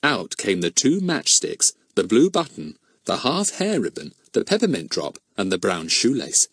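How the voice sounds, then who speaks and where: A man's voice: fairly low pitch, huge pitch swings, moderate pace, a bit bright, slightly rough, no room sound, clean studio sound. A man reading a children's mystery audiobook aloud, narrating expressively and giving each character a voice.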